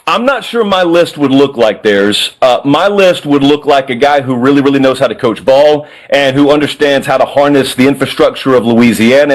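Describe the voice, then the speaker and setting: A man giving wry, animated college football analysis on a sports talk show. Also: mid-range voice, poor audio. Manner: wry, animated, fast-talking.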